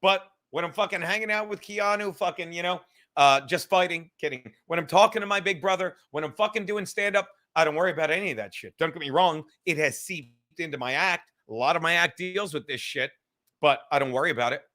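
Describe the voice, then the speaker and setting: This podcast host is a man with a voice on the high side, bright and pushed, going a little fast. He rants casually, swearing heavily and tossing in sarcastic asides.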